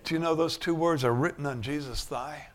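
A man preaching a sermon, shifting from quiet musing to loud, emphatic bursts. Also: fairly high pitch, brisk.

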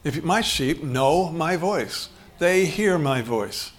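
A man's voice: on the high side, expressive, takes it slowly. A man preaching a sermon in a conversational way, acting out short bits of dialogue and chuckling as he goes. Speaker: pastor.

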